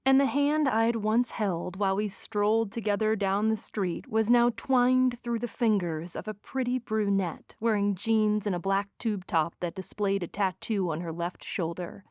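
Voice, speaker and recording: A woman reads a first-person romance audiobook with expressive, wry delivery at a middling pitch. The recording is dry and close, with no room around it. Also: measured pace, hardly any pauses, dry recording. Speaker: audiobook narrator.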